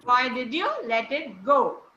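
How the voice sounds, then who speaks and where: A woman's voice: fairly high pitch, animated, slow pace, pushed and bright, a little hiss or hum. A woman teaching intonation to a class, encouraging and praising students as she goes. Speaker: speech trainer. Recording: roomy, dull-sounding recording.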